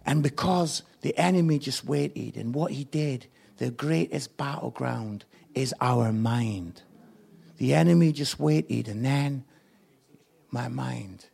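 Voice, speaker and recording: Male preacher, high gravelly voice, impassioned sermon delivery that drops to a hush then climbs loud. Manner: impassioned, swinging from hushed to loud.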